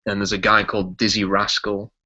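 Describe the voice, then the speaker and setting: Yorkshire man, low voice, muffled line. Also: a little fast. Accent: Yorkshire English. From Yorkshire, England. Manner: relaxed, rambling, many ums. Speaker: podcast guest. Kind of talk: casual podcast chat.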